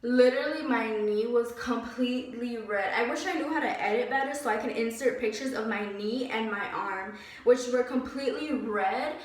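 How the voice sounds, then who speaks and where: A young woman telling a story in a casual vlog, animated and exasperated, full of "like"s and sighs. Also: a little high, normal speed, few pauses, distant mic. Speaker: vlogger. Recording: very echoey room, voice away from mic.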